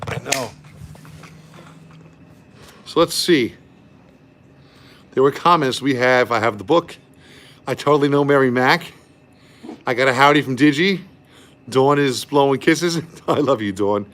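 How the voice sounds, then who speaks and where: A man's voice: medium pitch, unhurried, pauses often, a bit bright. A man hosting a live music stream, chatting effusively between songs and reading viewer comments aloud.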